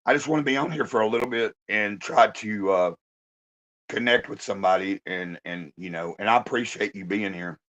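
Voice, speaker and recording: A hoarse man in a halting, casual live-stream check-in, talking into his phone with many pauses and fillers. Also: lowish voice, fairly bright tone, dull audio.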